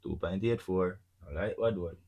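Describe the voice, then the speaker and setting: Fields: Sex: man. Pitch: very low. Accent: Jamaican. Role: podcast host. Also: normal speed. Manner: animated, blunt, swears freely; keeps asking "you see me I say?". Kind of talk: casual chat.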